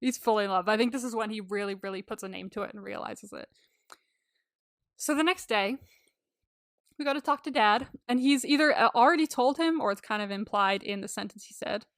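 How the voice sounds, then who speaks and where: A woman's voice: mid-range voice, a little fast, fairly bright tone, no echo, clean studio sound. A woman co-hosting a podcast, chatting and rambling as she recaps a film. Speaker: podcast co-host. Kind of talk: casual chat recapping a film.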